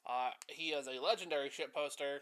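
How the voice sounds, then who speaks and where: A man hosting a live art stream, chatting casually with a nasal voice, excitable and quick to swear. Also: fairly high pitch, smooth. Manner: excitable, swears freely, chuckles often. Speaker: stream host.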